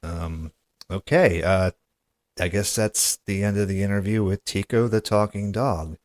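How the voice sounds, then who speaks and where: A man's voice: fairly low pitch, unhurried, darkish tone, dry recording, clean studio sound. A man hosting a comedy podcast, talking hesitantly with stammers and a skeptical tone. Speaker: podcast host. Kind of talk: comedy podcast prank call.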